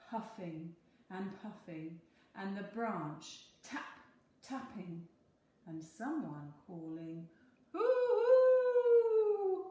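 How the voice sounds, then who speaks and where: A woman teacher reading a picture book aloud in a slow, expressive storytelling voice. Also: fairly low pitch. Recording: very echoey room, faint hum.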